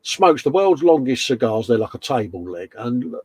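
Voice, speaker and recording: A husky, darkish-toned British man with a medium-pitched voice talks at a normal speed but with lots of animation. He's hosting a casual model-building livestream from his home workshop, reading out viewer comments in a chummy, matey way and calling everyone mate.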